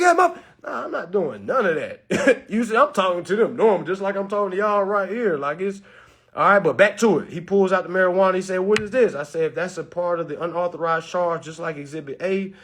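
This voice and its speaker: A young man telling a story to his audience, acting out the quotes with sudden high bursts and laughs. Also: brisk, fairly bright tone. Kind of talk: animated storytelling talk.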